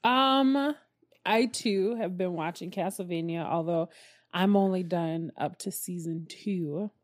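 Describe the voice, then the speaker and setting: A woman's voice: lowish voice, slow pace, no echo, clean studio sound. A woman co-hosting a podcast, chatting with enthusiasm about shows she watches. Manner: enthusiastic, chatty fan talk. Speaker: podcast co-host. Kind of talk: casual chat.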